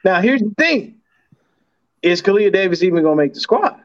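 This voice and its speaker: A man co-hosting a casual sports podcast chat, animated and profane, with frequent laughter. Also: high-pitched, moderate pace. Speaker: podcast co-host. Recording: dull lo-fi sound.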